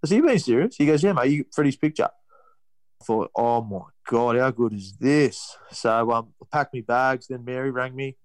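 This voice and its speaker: A man's voice: mid-range voice, moderate pace, smooth, no room sound, rough recording. A young Australian man telling a story in a casual interview, rambling, with many restarts. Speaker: guest, rugby league player.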